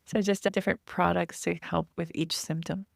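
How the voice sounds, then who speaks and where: A woman's voice: on the low side, level tone, normal speed, gravelly, no room sound, studio quality. A woman in her forties, a podcast guest, explaining things in a chatty way with light laughs. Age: 40s. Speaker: podcast guest, online store founder. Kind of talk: casual interview chat.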